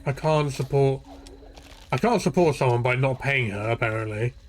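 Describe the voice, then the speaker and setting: A man's voice: medium pitch, animated, normal speed, faint music behind. A young man ranting and swearing freely while streaming a game, rambling from point to point. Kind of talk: ranting live gameplay commentary.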